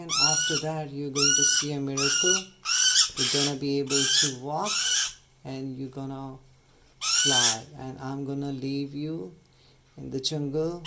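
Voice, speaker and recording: A man, a bird rescuer, speaking softly and soothingly to an injured baby bird while explaining its care. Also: mid-range voice. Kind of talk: casual vlog narration. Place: at home, indoors. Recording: noisy home recording.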